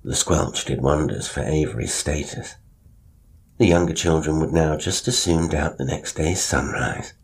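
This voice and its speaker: Very deep-voiced male story narrator. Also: measured pace, slight background noise.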